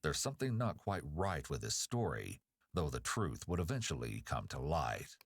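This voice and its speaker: A man narrating a true crime documentary in a measured, judgmental tone. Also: extremely low pitch, big pitch swings, no room sound, clean studio sound.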